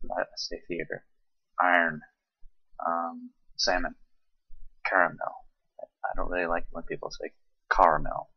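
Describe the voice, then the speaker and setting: A tired young man from Charleston with a Southern accent, reading a word list slowly and hesitantly with many ums. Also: low voice, flat delivery, slightly rough, no room sound, highs cut off. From Charleston, South Carolina. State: tired, late at night. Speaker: vlogger.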